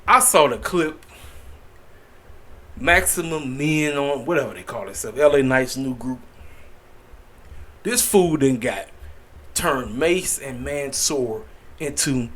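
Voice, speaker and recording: A man's voice: medium pitch, a bit bright. A man giving a casual opinion rant as a wrestling vlogger, exasperated and repetitive, with slangy asides.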